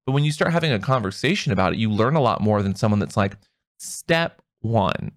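A playful man co-hosting a podcast, teasing his partner as they chat. His pitch swings widely, and the sound is close and dry, with no room echo. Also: expressive, racing. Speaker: podcast co-host. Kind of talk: casual chat.

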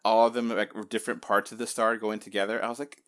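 A man hosts a casual podcast spoiler chat about a film, rambling with lots of fillers and lively quoted reactions. His voice is on the low side and he talks fast.

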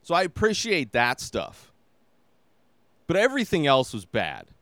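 A man's voice: a little high, wildly swooping pitch, a little slow, a bit bright, no room sound. A man hosting his own podcast, giving a casual movie review in a rambling, exasperated way with lots of filler words. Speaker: podcast host.

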